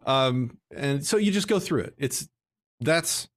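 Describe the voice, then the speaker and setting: A man's voice: mid-range voice, lively intonation, takes it slowly, a bit bright. A man talking casually about how he raises his kids, earnest and explanatory. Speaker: parent guest. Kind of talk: casual conversation.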